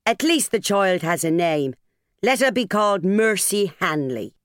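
A woman's voice: mid-range voice, animated, a little slow, dry recording, clean studio sound, pitched above the performer's own voice, natural voice. A woman voicing a stern, businesslike orphanage matron in an audiobook, cool and appraising. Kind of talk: audiobook character voice.

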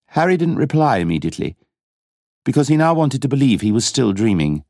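A male audiobook narrator reading a thriller with dramatic expression and a lively, moving pitch. His voice sits at a middle height, recorded dry and close with no room sound. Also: brisk, dry recording. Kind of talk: scripted narration.

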